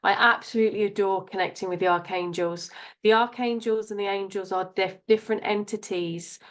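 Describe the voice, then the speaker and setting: A woman's voice: medium pitch, fairly even intonation, a little fast. A woman hosting a live psychic show, talking in a friendly, chatty way. She greets each viewer by name and fills the gaps with little asides. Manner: warm, chatty, reads out viewer names with endearments.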